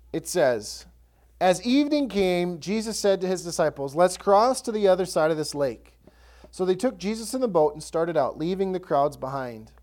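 A male pastor preaching a sermon, telling stories and acting out the voices of the people in them. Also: sits high. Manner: animated storytelling, acts out voices.

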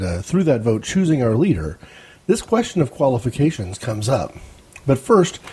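A man's voice: mid-range voice, mellow, breathy edge. An American man hosting a rambling opinion monologue, talking wryly with small hesitations. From United States. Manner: rambling, wry commentary with hesitations. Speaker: host.

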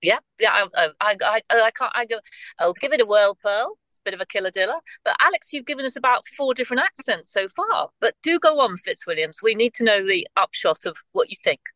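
A woman's voice: mid-range voice, expressive, fairly quick, bright, forceful tone, dry recording, low-quality recording. A woman joining a radio chat with playful, bubbly banter.

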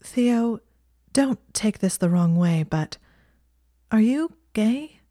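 A woman's voice: a little high, animated, takes it slowly, dark tone, no room sound, clean studio sound, voice pushed up. A woman voicing an anxious, embarrassed young witch who speaks hesitantly. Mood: flustered.

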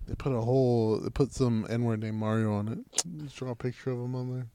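A man's voice: medium pitch, little pitch movement, fairly quick, mellow, a little hiss or hum. A man co-hosting a casual podcast chat, telling rambling, profane joke stories. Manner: rambling, profane, joking storyteller. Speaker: podcast co-host.

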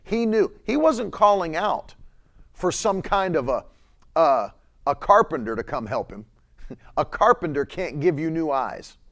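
A man preaching a sermon with a lively, swooping delivery. His voice sits a little high, and he stretches key words and cries out loud when he quotes scripture. He laughs lightly between points. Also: unhurried. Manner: laughs between points, reads chat comments.

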